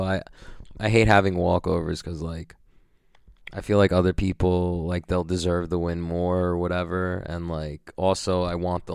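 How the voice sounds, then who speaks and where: A man's voice: deep voice, gravelly, darkish tone, dry recording, studio quality. A young man recapping his competition day in a casual vlog, swearing freely and rambling with lots of "like" and filler words. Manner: profane, rambling, full of likes and fillers. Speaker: grappling competitor.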